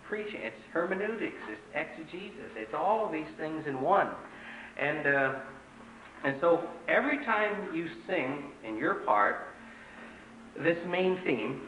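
A man's voice: a little high, fairly bright tone, echoey room, muffled recording, slight background noise. A man conducting a choir rehearsal, teaching in an earnest, emphatic way with many fillers.

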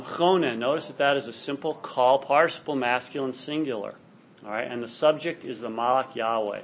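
Here a man of medium pitch and fairly bright tone gives a classroom lecture on Hebrew grammar. His manner is patient and explanatory, and he often asks the students "all right?" Slight background noise is present.

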